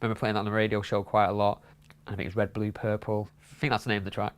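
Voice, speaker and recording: Chatty man with a smooth voice. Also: fairly low pitch, level tone, racing. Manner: chatty, rambling with many fillers. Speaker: club promoter ranking his favourite DJs. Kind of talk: casual spoken countdown.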